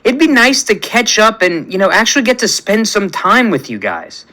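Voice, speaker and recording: A man's voice: high-pitched, wildly swooping pitch, normal speed, pushed and bright, heavily acted. A man reading as eager young Johnny. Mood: pleading. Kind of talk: reading a fan story aloud.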